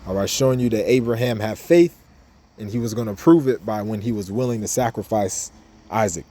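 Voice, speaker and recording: A man's voice: lowish voice, brisk, warm tone. A man giving an informal scripture lesson in a casual, repetitive way, reading verses aloud between his own comments. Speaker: bible teacher.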